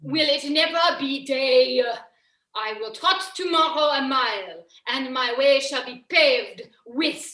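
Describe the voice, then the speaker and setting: A woman's voice: high-pitched, takes it slowly, pushed and bright, exaggerated voice. A woman playing a restless young French prince. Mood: impatient. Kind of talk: Shakespeare stage acting. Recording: roomy echo, far from mic.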